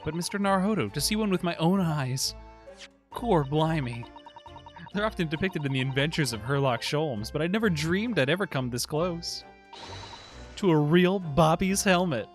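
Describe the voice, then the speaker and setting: A man's voice: medium pitch, very animated, moderate pace, faint music behind, close to an everyday voice. A man doing an eager, awestruck young assistant. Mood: awed. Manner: eager, prim, easily awed.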